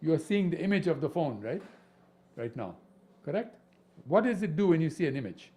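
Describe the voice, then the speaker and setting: A man leads a devotional scripture class with a lively, swinging delivery and a slightly high voice. He keeps checking in with his listeners through rhetorical questions. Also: brisk. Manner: animated, peppered with rhetorical questions. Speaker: spiritual teacher.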